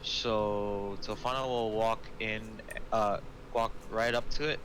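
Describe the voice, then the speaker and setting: A man's voice: lowish voice, steady tone, slow pace, fairly bright tone. A man playing a tabletop game over a call, hesitant and full of "uh" as he says what his character does. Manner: hesitant, lots of "uh". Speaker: player. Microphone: online voice call. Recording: noisy call audio.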